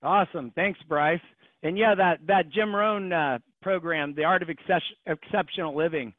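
A man's voice: on the high side, normal speed, no room sound. A man in his forties who is a podcast guest, speaking earnestly and hesitantly with many fillers. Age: 40s. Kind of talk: casual interview chat. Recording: tinny phone-like line.

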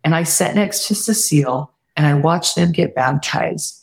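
A woman guest telling a personal story earnestly, often quoting what others said, and reflecting warmly on faith. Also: sits low, moderate pace, vocal fry. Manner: earnest, heartfelt retelling with quoted dialogue; warm spiritual reflection. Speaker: podcast guest.

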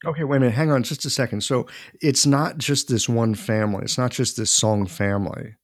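A man's voice: mid-range voice, fairly even intonation, brisk, dry recording, clean studio sound. A man interviewing his guest, asking curious, probing follow-up questions.

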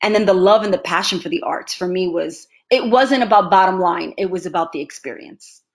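A woman actress being interviewed, telling stories in an animated way and laughing often. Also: lowish voice, fairly quick. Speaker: actress, guest. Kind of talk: casual interview conversation.

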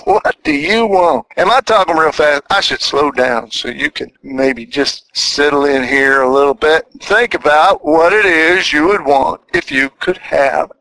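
A man's voice: unhurried, few pauses, no echo, poor audio. An older man talking to listeners in a casual, folksy monologue, asking them question after question. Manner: folksy, chatty, asks the listener lots of questions; animated, swinging between high and low.

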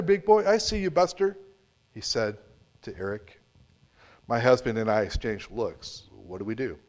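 A man preaching a sermon, reading a story with dramatic swings from full voice down to near-whispers. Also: medium pitch. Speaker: pastor.

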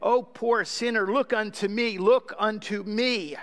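A man's voice: high voice, fairly even intonation, a little slow, a bit bright. A man voicing a plain-spoken, homespun lay preacher who urgently pleads with his listeners. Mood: pleading. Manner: urgent, repetitive exhortation. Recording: long hall reverb.

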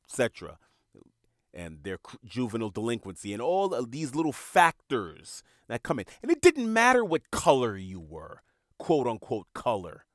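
A man's voice: medium pitch, huge pitch swings, normal speed, no room sound, clean studio sound. A man hosting a podcast, talking in an earnest, reflective monologue and repeating words as he searches for them. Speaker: podcast host.

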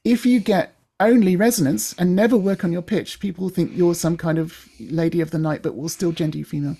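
A woman's voice: fairly low pitch, steady tone, a little fast, mellow, husky. A woman, working as a voice coach, explaining in a chatty way and demonstrating sounds.

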